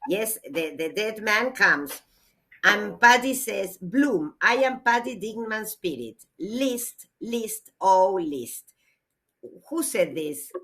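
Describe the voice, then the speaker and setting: A woman, a literature teacher giving a classroom lecture, reading aloud slowly and explaining with hesitations. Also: mid-range voice, expressive, bright, forceful tone.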